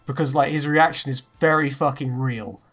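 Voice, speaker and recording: A man's voice: mid-range voice, normal speed, fairly bright tone, faint music behind. A man hosting a podcast in casual chat, swearing freely and slipping into mocking impressions. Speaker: podcast host.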